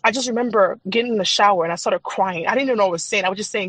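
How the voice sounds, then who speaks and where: Woman, podcast guest, earnest personal storytelling, rapid delivery, dry sound. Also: mid-range voice, fairly bright tone, no echo, poor audio. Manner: earnest, candid, chatty with frequent fillers and laughs. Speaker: podcast guest, faith and trauma coach.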